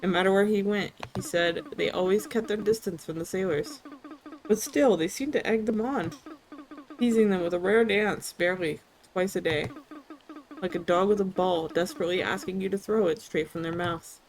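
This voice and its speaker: A woman's voice: mid-range voice, moderate pace, a little mellow, close to an everyday voice, low-quality recording. A woman voicing a kindly, wistful old grandmother in a cozy video game, reading her dialogue aloud with a folksy, reminiscing manner.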